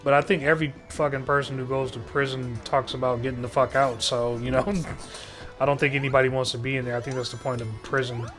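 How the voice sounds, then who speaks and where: A man's voice: medium pitch, flat delivery, fast talker, over music. A man streaming live, ranting to his chat in a rambling, sardonic way, swearing constantly and restarting his sentences. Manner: rambling, heavy cursing, sardonic.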